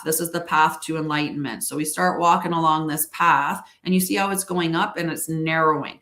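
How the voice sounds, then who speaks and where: Woman, spiritual teacher, conversational talk, slightly low voice, roomy echo. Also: a bit bright. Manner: conversational, keeps checking in with "right?". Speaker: spiritual teacher leading a group meditation session.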